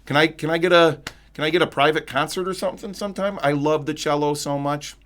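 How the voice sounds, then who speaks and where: A man's voice: a little high, steady tone, quick pace, a bit bright. A man hosting a live-streamed trivia game, playful and jokey, reading out viewers' chat answers. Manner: playful, jokey, reads chat messages aloud. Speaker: trivia host.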